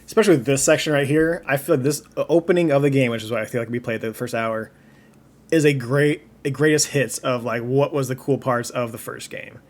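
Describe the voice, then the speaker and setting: A man's voice: medium pitch, steady tone, fairly quick. A man with a mid-range voice co-hosts a casual podcast chat. He rambles enthusiastically and often restarts his sentences. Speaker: podcast co-host.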